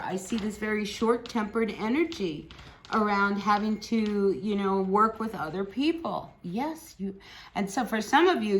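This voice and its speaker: Woman tarot reader, mid-pitched, talky and encouraging, keeps checking in with the listener. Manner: chatty, encouraging, frequent "right?" and "you know". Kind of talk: casual tarot reading.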